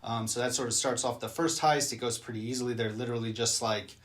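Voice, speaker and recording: A man's voice: medium pitch, fairly even intonation, fast, fairly bright tone. A man recapping a movie he just watched and reacting to it in casual chat, loose and rambling, with plenty of swearing.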